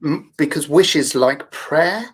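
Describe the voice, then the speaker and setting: A man's voice: fairly high pitch, a little slow, slightly rough. A man with a London accent, a therapist talking through ideas in a casual group discussion, rambling and emphatic. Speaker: guest therapist.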